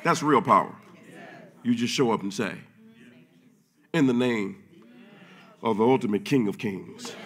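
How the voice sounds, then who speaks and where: Bright-voiced man preaching loudly. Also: moderate pace, vocal fry, pauses often. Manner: swings from low murmurs to loud shouting; casual preaching with slang. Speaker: pastor. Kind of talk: sermon. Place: church.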